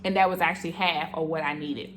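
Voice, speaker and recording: A young woman tells her faith testimony straight to camera in a slightly low voice. She is earnest and animated, speaking to her viewers with open emotion. Faint room noise sits behind her. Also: brisk.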